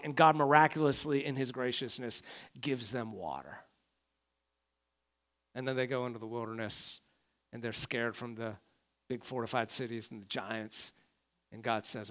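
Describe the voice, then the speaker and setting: A man pastor preaching a conversational sermon, swinging from quiet to loud and acting out complaining voices. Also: mid-range voice. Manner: conversational preaching, rising and falling in volume, acts out complaining voices.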